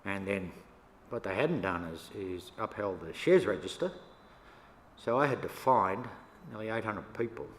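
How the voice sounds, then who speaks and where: Older Australian man, very low voice, relaxed storytelling, reverberant church hall. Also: a little slow. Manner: relaxed yarning, laughs between stories. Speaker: First Nations elder speaker. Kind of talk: storytelling talk to an audience. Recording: echoey hall, faint room noise.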